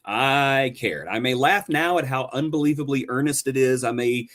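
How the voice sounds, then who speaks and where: A man's voice: mid-range voice, normal speed, fairly bright tone. A man co-hosting a podcast, reviewing a show with sarcastic, theatrical banter. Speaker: podcast co-host.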